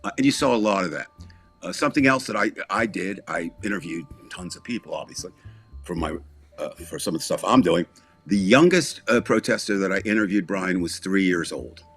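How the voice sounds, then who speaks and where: Husky low-voiced man telling a story. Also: animated, fairly quick, a bit bright, faint music behind. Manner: rambling, with many restarts and asides. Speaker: podcast co-host. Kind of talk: casual storytelling.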